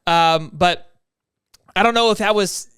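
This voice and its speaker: A young man co-hosting a casual sports podcast, animated and joking, laughing often. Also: high-pitched, a little slow, smooth, no room sound, clean studio sound. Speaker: podcast co-host.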